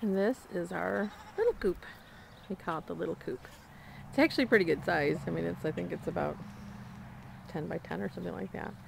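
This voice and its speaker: A woman with a lowish, creaky voice speaks fairly quickly on a rambling outdoor tour of her homestead's barns and animals. The handheld camera mic picks up a little hiss or hum, and her casual narration is dotted with fillers and small laughs.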